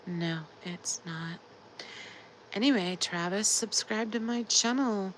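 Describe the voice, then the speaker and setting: Sleepy woman on a late stream, sore scratchy throat, slow and gravelly, bit of faint hiss behind. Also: medium pitch. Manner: soft, drowsy, drifts into whispers. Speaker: livestream host. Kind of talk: late-night casual livestream chat.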